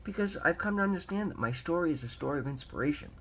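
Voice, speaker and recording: A man's voice: a little high, lively intonation, quick pace, a little hiss or hum, low-quality recording. A man, talking earnestly to his viewers in a rambling, repetitive way and calling them guys. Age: 50s. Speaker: recovery vlogger. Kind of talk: casual motivational talk to camera.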